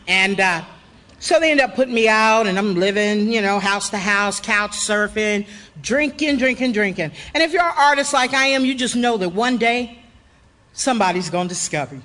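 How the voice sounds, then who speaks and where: A woman from Ohio telling a humorous personal story to a live audience at a recovery gathering, animated and acting out voices with loud bursts. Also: medium pitch, moderate pace. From Ohio, USA. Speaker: recovery meeting speaker. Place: hotel conference hall, live audience.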